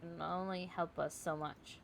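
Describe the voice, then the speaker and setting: A woman streamer role-playing a tavern keeper, speaking calmly and evenly. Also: on the low side, normal speed, creaky, a little hiss or hum. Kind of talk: live role-play storytelling.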